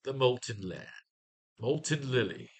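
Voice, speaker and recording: A man teaching a writing class, giving casual commentary on comics. He talks in a profane, wisecracking and excitable way. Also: medium pitch, unhurried.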